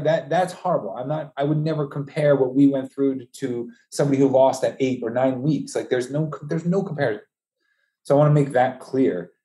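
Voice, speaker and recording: A grieving father speaks in a mellow, dark-toned voice, halting and restarting as he recounts a painful loss. His delivery is emotional and unpolished, the talk of a personal interview rather than a script. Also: medium pitch. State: voice breaking, high and strained with grief. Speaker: bereaved father telling his story.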